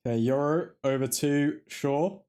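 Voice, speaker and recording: A man's voice: on the high side, measured pace, mellow, clear, resonant tone. A man hosting a live football watchalong, reacting to the play as it happens and chatting with his viewers. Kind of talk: live match commentary and fan chat.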